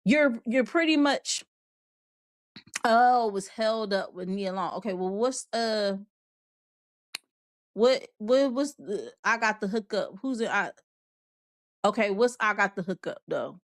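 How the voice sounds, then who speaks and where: A woman's voice: mid-range voice, lively intonation, a little slow, pauses often, dry recording. A woman hosting a live online show in a casual, rambling way. She laughs often and reads out viewer comments. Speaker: show host. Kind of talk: casual livestream chat.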